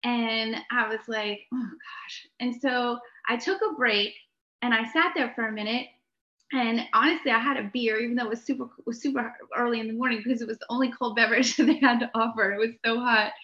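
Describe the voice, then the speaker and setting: A young adult woman, a podcast guest, telling a story in an animated way, laughing often and full of filler words. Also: fairly high pitch, a little fast. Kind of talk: storytelling in a conversation. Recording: echoey room, dull lo-fi sound.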